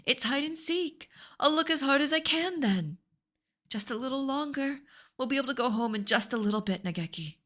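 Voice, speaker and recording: A woman's voice: high-pitched, expressive, brisk, fairly bright tone, pitched above the performer's own voice. A woman playing Hitori, a sweetly unhinged young pigeon. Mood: eerily cheerful. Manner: sing-song, menacingly sweet. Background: game music.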